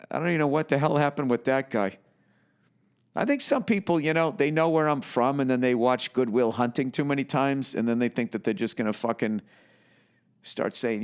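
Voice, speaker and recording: A man in his fifties tells a story as a podcast host. He rants in a profane, sardonic way. His voice sits at an ordinary middle pitch. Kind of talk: casual storytelling monologue.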